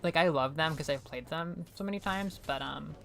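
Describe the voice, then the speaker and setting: A woman's voice: sits low, normal speed, gravelly, a bit bright. A young woman from New England, casually chatting and rambling with lots of fillers and laughter while streaming a game. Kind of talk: casual gameplay commentary.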